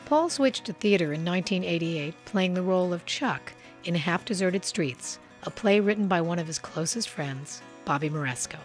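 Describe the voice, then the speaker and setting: A woman reading scripted narration for a biography documentary in a measured, even way. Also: on the low side, soft background music.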